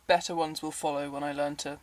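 A man with a slightly high voice chats casually to camera from his bed. He rambles and pokes fun at himself, often breaking into a giggle. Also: little pitch movement, fast, no room sound. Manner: rambling, self-deprecating, giggly. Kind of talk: casual vlog chat. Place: bedroom, in bed at night.

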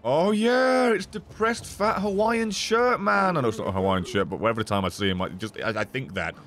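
A man streaming a video game, swearing, yelling in frustration and laughing at himself as he talks to the game. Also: a little high, brisk, soft background music. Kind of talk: casual gameplay commentary.

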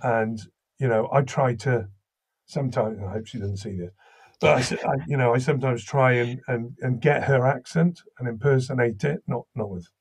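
A man with a slight Welsh lilt talks through an interview in a husky voice. He tells anecdotes in an animated way and restarts his sentences often. His voice sits at a middle pitch. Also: normal speed. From Wales. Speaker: voice actor and audiobook narrator. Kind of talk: interview conversation.

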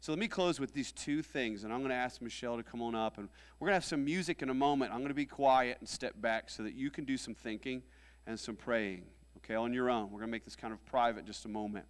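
A man of middle pitch preaches to his congregation in an animated way, building to loud rallying lines and dropping to near-whispered asides. His voice rings out with a long reverb off the hall. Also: fast. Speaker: pastor. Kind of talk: sermon. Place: church sanctuary.

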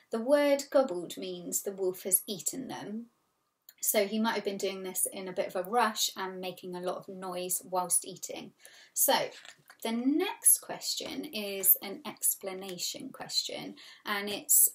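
A woman, a primary school teacher giving a recorded storybook reading lesson, reading expressively and patiently explaining words. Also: mid-range voice. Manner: expressive read-aloud with patient vocabulary explanations.

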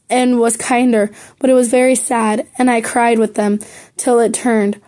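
A woman's voice: fairly high pitch, mellow. A woman reading a classic novel aloud as an amateur audiobook narrator, with small slips that she corrects as she goes. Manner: plain reading with some slips and self-corrections. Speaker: audiobook reader.

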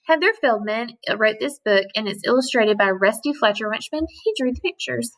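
A woman teacher giving a gentle, patient letter lesson to young children and reading a picture book aloud. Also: a little high, expressive, poor audio. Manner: gentle and patient, with slow drawn-out sounds.

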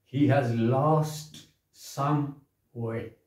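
An older man teaching grammar in a classroom lesson, speaking slowly and emphatically and repeating example sentences. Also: medium pitch, fairly even intonation, a little mellow. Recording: echoey room, far from the mic.

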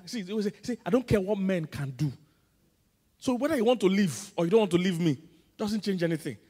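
A man with a Nigerian accent, a pastor preaching a sermon with emphatic call-and-response, swinging between loud and soft. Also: high-pitched, slightly rough, big-room sound. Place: large church auditorium.

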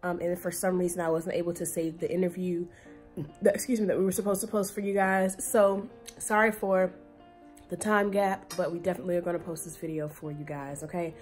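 A young woman talks straight to her phone camera in a loose, chatty vlog, her voice hoarse and rough from the morning. She keeps calling her viewers y'all and laughs easily. A soft music bed runs faintly underneath. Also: fairly low pitch, level tone, fairly quick. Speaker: vlogger. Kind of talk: casual vlog chat.

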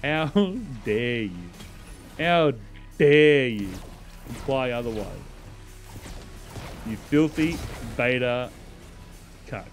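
A man's voice: medium pitch, expressive, extremely slow, pauses often, faint music behind. A man streaming a video game live, bantering and joking with his chat in a sarcastic, playful way and laughing often.

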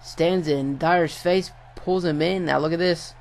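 A young man giving casual play-by-play commentary over a wrestling video game, getting excited and swearing at big moves. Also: a little high, a little slow, gravelly. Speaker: gameplay commentator.

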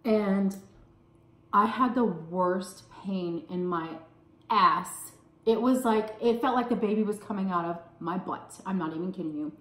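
A woman in her thirties with a Texan accent, telling a story in casual vlog chat, animated and swearing freely. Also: unhurried, echoey room. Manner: animated, swears freely, acts out quotes in a high voice. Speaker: food vlogger telling a story. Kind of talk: casual storytime while eating.

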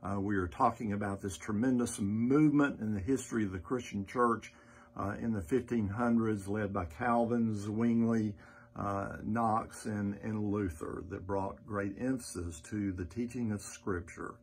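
A man teaching as the pastor on a church podcast, measured and earnest, with frequent "uh" fillers. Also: on the low side, fairly even intonation.

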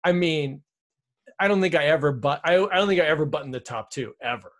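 A man's voice: on the high side, lively intonation, fairly quick. A man chatting casually about magic footage, laid-back and slangy.

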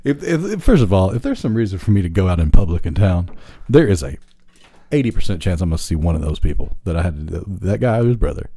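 Animated man telling stories, dark tone. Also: fast talker, husky, no echo. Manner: animated storyteller, swearing, mimics people in high voices. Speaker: podcast co-host. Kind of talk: casual chat, storytelling.

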